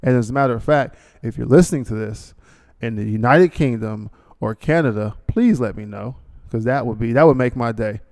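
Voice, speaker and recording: Podcast host, male, gravelly voice, middle pitch. Rambles and ad-libs, full of fillers and asides. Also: moderate pace, a little mellow. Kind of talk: casual monologue with a read sponsor ad.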